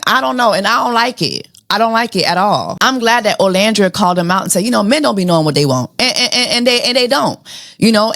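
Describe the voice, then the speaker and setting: A woman's voice: on the high side, fairly bright tone, no room sound, studio quality. A woman hosting a casual reality TV recap, sassy and slangy, firing off rhetorical questions. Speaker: show host.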